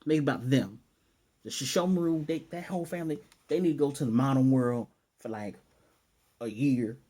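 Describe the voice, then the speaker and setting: A man in a casual anime review recaps an episode with eager, rambling enthusiasm. He restarts his sentences often and tosses in quick impressions of the characters. His voice stays warm and mellow throughout. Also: mid-range voice.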